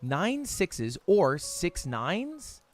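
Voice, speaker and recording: Young man, streamer, frustrated outbursts, mutters counts, fairly high voice, lively. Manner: frustrated outbursts, reads questions aloud fast, counts under his breath. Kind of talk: live-stream commentary while solving math problems.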